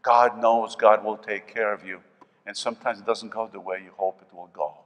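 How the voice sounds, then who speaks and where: An older man with a New York accent preaching a sermon as pastor, swinging between loud emphasis and soft asides. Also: lowish voice, steady tone, moderate pace, dull audio. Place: church sanctuary. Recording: long reverb of a church hall.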